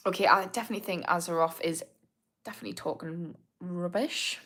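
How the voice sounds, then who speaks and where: A woman's voice: lowish voice, fairly quick, bright, forceful tone. A woman in her thirties with a British accent speaks in an easy, chatty way while hosting a live Q&A. She answers viewers' comments by name, often trailing off and starting her sentences again. Her tone stays frank and down-to-earth. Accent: British English. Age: 30s. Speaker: recovery coach hosting a live Q&A. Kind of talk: casual live-stream chat, reading comments.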